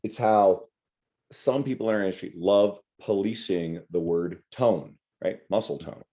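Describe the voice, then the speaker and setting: A man's voice: sits low, unhurried, mellow. A man hosting a podcast, talking bluntly and with animation, swearing freely as he makes his point. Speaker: podcast host. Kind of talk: casual podcast chat.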